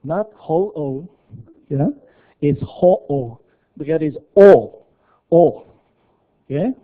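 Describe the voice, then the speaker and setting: A man's voice: on the high side, expressive, drawn-out words. A man presenting at a live workshop, drilling pronunciation by repetition and checking in with the room after nearly every phrase. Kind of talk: live seminar teaching. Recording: tinny phone-like recording.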